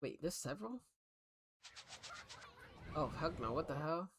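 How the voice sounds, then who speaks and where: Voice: medium pitch, animated, measured pace, loud music behind the voice. Loose, profane streamer reacting. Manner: loose, profane, rambling commentary.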